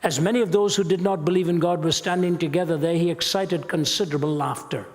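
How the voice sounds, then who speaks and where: A man's voice: fairly high pitch, fairly even intonation, quick pace, few pauses. A man giving a public lecture, reciting passages with dramatic, building intensity. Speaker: Christian apologist speaker. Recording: long reverb of a large hall.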